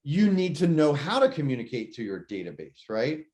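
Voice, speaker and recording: A man co-hosting a casual podcast, talking shop with lively energy and acting out imagined phone calls. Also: fairly high pitch, moderate pace. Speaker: podcast co-host. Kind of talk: casual real estate podcast chat.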